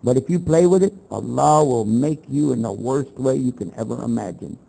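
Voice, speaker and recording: A man's voice: medium pitch, normal speed, creaky, slightly rough, rough recording. An older man from Texas, giving a blunt lecture on his faith, acting out both sides of the exchanges in his stories and firing rhetorical questions at the audience. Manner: animated storytelling, acts out both sides of the exchanges. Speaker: Muslim preacher.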